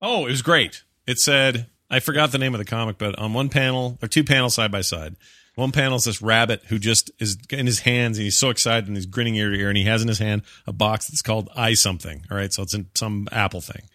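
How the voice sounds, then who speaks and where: Animated man with a bright, dry voice. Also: fairly low pitch, quick pace, dry recording. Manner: animated, acts out quoted voices. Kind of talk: casual podcast chat.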